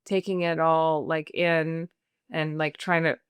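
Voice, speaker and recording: A woman talks through a film's story on a review podcast, filling her sentences with "like" and slipping into characters' lines. Her voice sits low for a woman. The recording is dry and close. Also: level tone, slow, clear, resonant tone, no echo. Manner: chatty, heavy use of "like", voices characters' lines. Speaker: film review podcast co-host. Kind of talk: casual chat retelling a film plot.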